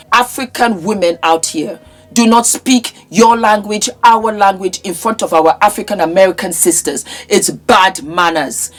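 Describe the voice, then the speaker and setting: Indignant woman scolding with a sore throat. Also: lowish voice. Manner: indignant, scolding, repetitive emphatic phrasing. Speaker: vlogger. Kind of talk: impassioned commentary monologue. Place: in England.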